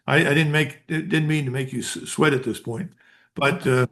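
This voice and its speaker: A man's voice: fairly high pitch, brisk, fairly bright tone. Blunt older man lecturing on strategy. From United States. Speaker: guest, retired colonel. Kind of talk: interview commentary.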